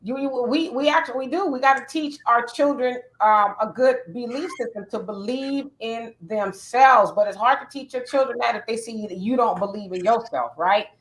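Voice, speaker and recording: A woman's voice: on the high side, normal speed, few pauses. Conversational woman host. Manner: conversational, reads listener comments aloud. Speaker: podcast host. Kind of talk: casual chat.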